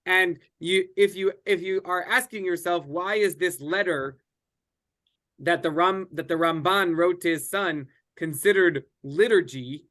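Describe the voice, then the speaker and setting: Guy teaching a laid-back bible class, kinda high voice, lots of uhs and restarts. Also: unhurried, a bit bright. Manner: conversational, many restarts and fillers.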